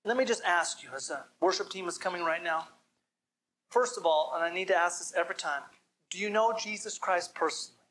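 A man's voice: sits high, a little fast, a bit bright, slight background noise. Man preaching with emphatic questions. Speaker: pastor. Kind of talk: sermon. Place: church service.

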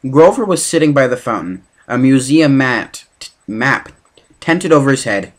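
A man reading a novel aloud as an amateur, halting now and then with slips and restarts. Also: mid-range voice, sing-song. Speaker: reader.

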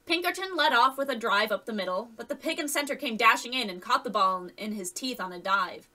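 Bright-voiced woman reading a story aloud. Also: fairly high pitch, a little fast, distant mic, poor audio. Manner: lively reading with voiced characters. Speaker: audiobook reader. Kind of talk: scripted narration.

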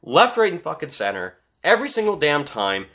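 A man recapping a horror movie in a casual, animated way, swearing constantly and laughing at the scenes. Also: fairly high pitch, fairly quick. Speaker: movie reviewer. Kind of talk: casual profane film recap.

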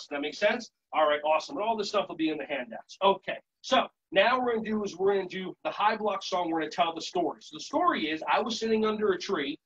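Man, high voice, energetic instructor, playful, shouted calls, sing-song chanting, dull lo-fi audio. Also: fast, hardly any pauses, slightly rough. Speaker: children's yoga and martial arts instructor. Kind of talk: live virtual workshop demonstration.

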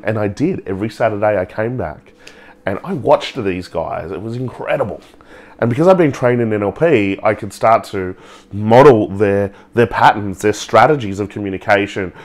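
A man, telling a personal story in a lively way and acting out the people in it. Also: lowish voice. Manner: animated, acts out the people in his story with laughs. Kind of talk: storytelling talk.

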